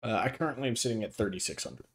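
A man's voice: lowish voice, rapid-fire. A man hosting a gaming podcast, chatting casually and telling stories with plenty of swearing. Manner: profane, animated storyteller. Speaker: podcast host.

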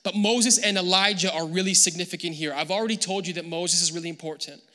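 A man preaching a sermon as pastor, animated and acting out the people he quotes. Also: high voice, fast talker, in a large hall. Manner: animated, acts out quoted voices. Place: church hall.

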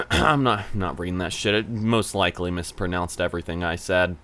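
A man's voice: low voice, a little fast, fairly bright tone. A man doing gameplay commentary, ranting at a chatbot in profane exasperation.

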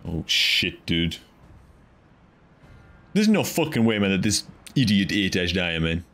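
Animated, cursing gamer man. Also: sits low, unhurried. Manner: profane, animated, joking. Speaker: game streamer. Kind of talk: casual gameplay reaction.

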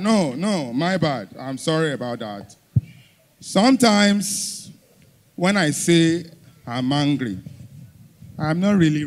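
A young Nigerian man doing stand-up comedy, telling stories in an exasperated rant that swings from low, muttered asides to loud outbursts. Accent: Nigerian English.

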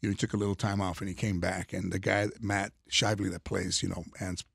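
An older man, a comedian guest, telling stories in a casual chat, going from quiet asides to punchy lines. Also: sits low, quick pace, creaky, slightly rough, no echo, studio quality. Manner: animated storyteller, drops to quiet asides then punches up. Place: radio studio.

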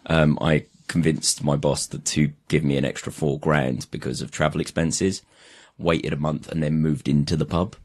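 A man's voice: a bass voice, fairly even intonation, moderate pace, few pauses, darkish tone. A young man from Kent co-hosting a podcast, chatting casually with a self-mocking, laughing manner. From Kent, England. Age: young adult. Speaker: podcast co-host. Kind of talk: casual chat.

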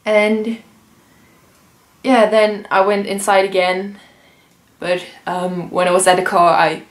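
Young woman vlogger, heartfelt and halting, mid-range pitch, echoey room. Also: little pitch movement. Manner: emotional, earnest, many fillers and restarts. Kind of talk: personal vlog storytelling. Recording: roomy echo.

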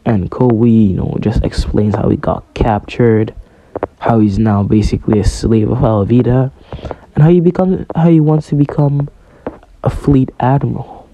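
A man's voice: mid-range voice, normal speed, warm tone, dull audio, a little hiss or hum. A man casually narrating a fan-made story, hesitant and full of fillers.

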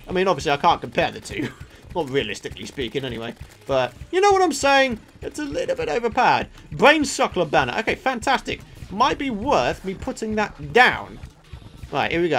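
A man's voice: high-pitched, fairly bright tone. A man giving Let's Play commentary, exasperated and exclamatory, swinging from mutters to outbursts. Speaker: gaming YouTuber.

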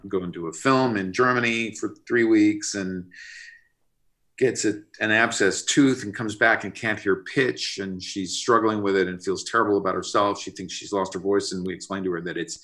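Man, middle-aged, lowish voice, animated storyteller, casual interview guest. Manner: animated, expressive, pushes to sudden bursts. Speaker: guest, record producer. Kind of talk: storytelling anecdote in casual conversation.

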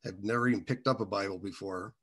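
Man, bright forceful tone, halting meandering testimony, casual storytelling. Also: fairly low pitch, fairly even intonation, breathy edge. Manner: halting, meandering delivery with many restarts. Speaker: guest telling his faith testimony.

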